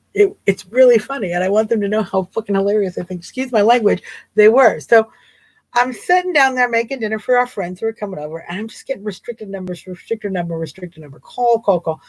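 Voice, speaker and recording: A woman's voice: mid-range voice, dry recording. A woman hosting a casual livestream talk show, chatty and amused, rambling and repeating herself. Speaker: host.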